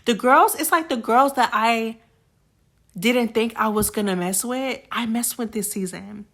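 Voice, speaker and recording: A woman's voice: a little high, unhurried, fairly bright tone. Sassy chatty woman recapping reality TV. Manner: sassy and chatty, laughs often, quotes cast members. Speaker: reality show recap host. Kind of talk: casual recap commentary.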